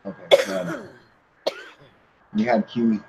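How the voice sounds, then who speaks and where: Reading viewer comments out loud, a livestream host keeps the chat loose and profane, laughing frequently. His voice is on the low side and slow, and the muffled, lo-fi stream audio is very noisy.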